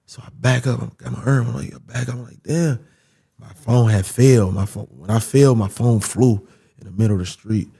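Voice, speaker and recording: A young man, a podcast guest, telling a story in a casual, animated way, leaning on "I'm like" and repeating himself as he talks. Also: medium pitch, brisk, gravelly, breathy edge. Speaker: podcast guest, former pro boxer.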